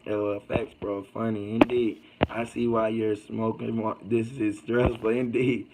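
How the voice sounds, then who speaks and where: A man's voice: fairly low pitch, flat delivery, unhurried, very noisy. Slangy man chatting on a livestream. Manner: loose, preachy, slangy, repeats "indeed". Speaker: livestream host. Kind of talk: casual livestream chat reading comments.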